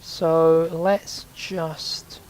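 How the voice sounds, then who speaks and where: A man's voice: on the high side, flat delivery, drawn-out words, a little mellow, clean tone. A man giving rambling, casual commentary while playing a video game, sometimes swearing when startled. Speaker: let's play host.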